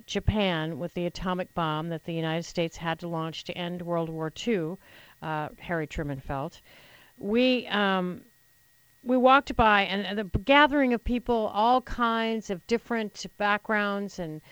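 A middle-aged woman radio host tells a personal story, pausing often and circling back over her own words. Her voice is smooth and clear, and the recording is dry and close. Her pitch sits in an ordinary middle range. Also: no room sound, low-quality recording. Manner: reflective, halting, with frequent restarts and repeated words.

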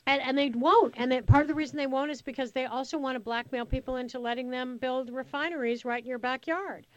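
A woman hosting a talk radio show, chatty and enthusiastic, with quick asides, speaking into a studio microphone. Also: sits high, fairly even intonation, muffled recording. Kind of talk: talk radio chat with callers.

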